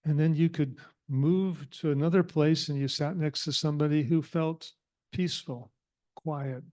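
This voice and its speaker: A man giving a reflective sermon to a spiritual community, speaking with thoughtful pauses. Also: a little high, fairly even intonation, darkish tone.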